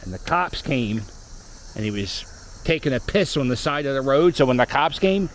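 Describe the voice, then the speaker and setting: Out in the park on a moving scooter, this man rambles along with wry commentary and storytelling detours in a casual, running style. He speaks at a normal speed in an animated mid-range voice over slight background noise.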